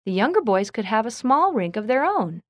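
A calm, fair-minded teenage boy, as a woman reads him, speaking in an even, steady way. Storybook telling in a close, dry recording. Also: a little high, moderate pace, no room sound, pitched above the performer's own voice. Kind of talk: storybook reading.

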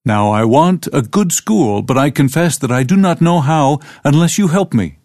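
A man reading the part of a gentle but firm schoolteacher of old, slow and earnest. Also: fairly high pitch, expressive, no echo, clean studio sound.

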